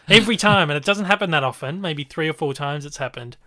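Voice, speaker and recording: A man's voice: fairly high pitch, moderate pace, sharp tone. A man co-hosting a casual film review chat, enthusiastic and rambling, with fillers and restarts.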